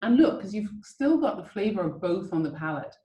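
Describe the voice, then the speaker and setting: A woman's voice: mid-range voice, big pitch swings, a little fast, warm tone, roomy sound, muffled recording. Chatty woman hosting a tasting. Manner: chatty, enthusiastic, coaching listeners step by step. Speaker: whisky tasting host. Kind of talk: casual guided tasting on a video call. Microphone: video call.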